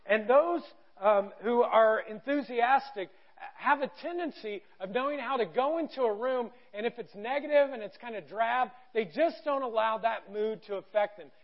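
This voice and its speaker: A man in his thirties preaching a sermon, telling a story with animated quoted voices. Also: extremely high pitch, moderate pace. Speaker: pastor. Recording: dull lo-fi sound.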